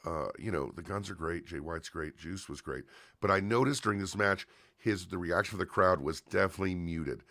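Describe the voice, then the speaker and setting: A man's voice: low-pitched, a little fast, fairly bright tone, no echo, clean studio sound. A man hosting a livestream, casually reviewing a wrestling show in a chatty, opinionated way with frequent fillers and restarts.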